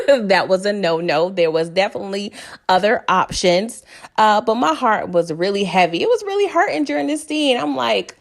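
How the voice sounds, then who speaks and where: A woman giving a casual, chatty recap of a TV episode. She laughs often and fills her talk with "you know". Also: medium pitch. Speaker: TV recap host.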